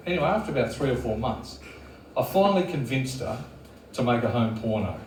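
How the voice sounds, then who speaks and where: Crude Australian bloke doing stand-up. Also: male voice, mid-range voice, a little fast, slight background noise. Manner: blokey, crude, deadpan delivery. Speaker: stand-up comedian. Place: comedy club stage with live audience. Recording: roomy club sound from a distance.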